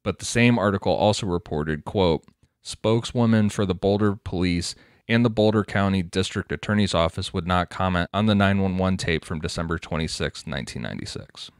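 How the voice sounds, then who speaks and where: A man's voice: low voice, a little fast, clean tone, dry recording, studio quality. A man co-hosting a casual podcast, reading quotes and notes from his research aloud between chat. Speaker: podcast co-host.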